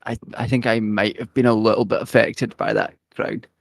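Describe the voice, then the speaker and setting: A man voicing a polite, queasy male adventurer who speaks quietly and apologetically. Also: lowish voice, flat delivery, moderate pace, creaky, no echo, clean studio sound. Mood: apologetic.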